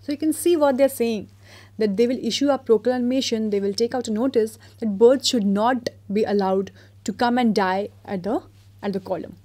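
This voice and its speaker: A woman teacher with a slightly high voice reads a story aloud to her class. She stops after each passage to explain it in simple words. Her voice jumps up and gets louder whenever she quotes the characters. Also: moderate pace. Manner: lively, pitch jumps up when quoting characters.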